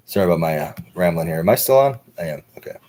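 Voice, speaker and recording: On a livestream, an American host with a low, husky voice rambles through a casual monologue, swearing freely and tacking "right?" onto his sentences. His deep, slightly raspy delivery stays relaxed and conversational throughout.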